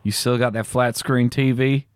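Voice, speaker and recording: A man making a prank call who asks casual questions in a deadpan way. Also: mid-range voice, normal speed, clear, resonant tone, dry recording. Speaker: prank caller.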